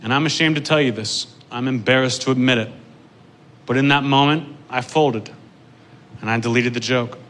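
A man doing a stand-up comedy set on stage, profane and building to shouted rants. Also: mid-range voice, normal speed. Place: comedy club stage with a live audience.

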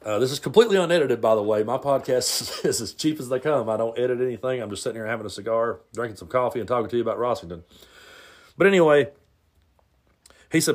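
A man hosting his own podcast, telling a story from his youth in a relaxed, rambling way with plenty of fillers, recorded at home. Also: mid-range voice, fast talker. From Tennessee. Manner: rambling, laid-back, lots of fillers. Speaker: podcast host. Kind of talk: casual storytelling monologue. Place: home, near the garage.

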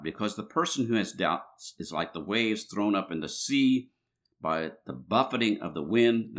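A man's voice: lowish voice, sharp tone. A man preaching a sermon in a conversational way, reading scripture aloud, with frequent restarts and filler words.

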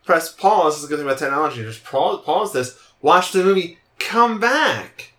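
A podcast co-host chatting casually about a film, jokey and quick to chime in. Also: medium pitch. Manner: jokey, animated, interjects often. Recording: roomy, echoey sound.

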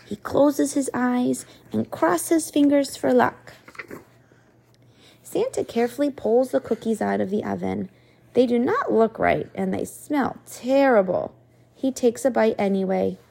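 A woman in her thirties reading a storybook aloud to her children, expressive and stopping to ask them questions. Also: on the high side, a little slow, gravelly. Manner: expressive, asks the kids questions.

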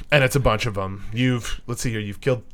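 A man narrating as game master of a tabletop role-playing game, in a loose, halting way with many fillers. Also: medium pitch.

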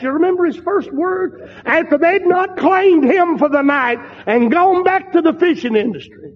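A man preaching a sermon, slow and emphatic, repeating phrases for stress. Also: very high-pitched, slightly rough. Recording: dull recording in a reverberant hall.

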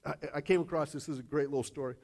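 A male pastor giving a sermon in a casual, joking, animated way, telling stories to the congregation. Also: a little high, racing. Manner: casual, animated storytelling with jokes.

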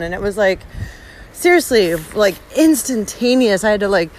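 A woman's voice: mid-range voice, lively intonation, moderate pace, low-quality recording. A woman podcast host walking along a village road outdoors, giving an emphatic, heavily profane reflective monologue. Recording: windy outdoor recording with background noise. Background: wind and outdoor ambience.

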